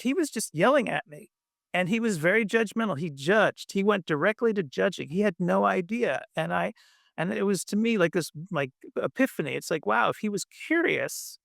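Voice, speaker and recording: Gravelly-voiced man giving a meditation talk. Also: sits high, animated, no echo, studio quality. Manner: gentle, halting, many fillers. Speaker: meditation teacher. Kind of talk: dharma talk.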